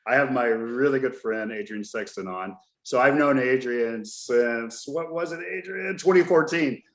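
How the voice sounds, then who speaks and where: A middle-aged man hosts a podcast, chatting casually in a loose, jokey way and spinning stories as he goes. His voice is medium-pitched and fairly bright, a little slow. The recording has a roomy echo.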